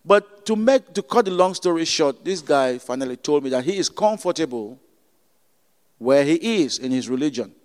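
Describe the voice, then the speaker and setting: A male preacher with a Cameroonian accent delivers a sermon in a high-pitched voice. He presses points home by repeating phrases and stumbles through restarts when he tells a story. His voice rings with the long reverb of a hall. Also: lively intonation, moderate pace. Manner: emphatic, repeats phrases, stammers into stories.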